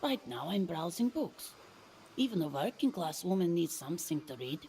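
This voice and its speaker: A man's voice: fairly high pitch, moderate pace, creaky, a little hiss or hum, voice pushed up. A man voicing a sturdy, guarded working-class woman in a video game, answering in short, dismissive lines. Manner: curt, flat, dismissive answers.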